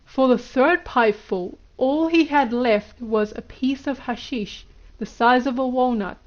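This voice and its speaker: A woman's voice: high-pitched, unhurried, highs cut off. A woman reading the lines of an elderly male guru, lecturing in an instructive way. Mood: boastful. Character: elderly male Indian guru, stern teacher.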